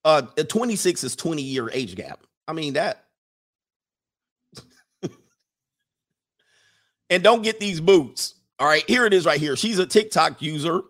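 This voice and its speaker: A man, riffing in casual comedic commentary with animated, laughing, slangy storytelling. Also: a little high, unhurried, long pauses. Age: 40s.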